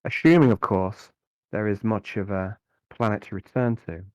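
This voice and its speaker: A man's voice: on the low side, no echo, close to an everyday voice. A man doing a formal commanding inquisitor. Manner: formal, deliberate speech.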